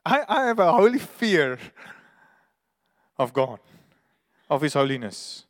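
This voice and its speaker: A man's voice: on the high side, sing-song, slow, long reverb tail. A man preaching a sermon as pastor, earnest and emphatic, sometimes restarting his words.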